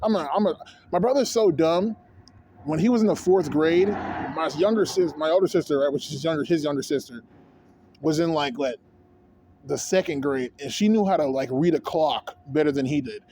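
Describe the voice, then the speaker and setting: A man's voice: fairly high pitch, normal speed, mellow, a little hiss or hum. A man in his thirties venting in a rambling, profane, heated rant to camera as a vlogger. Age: 30s.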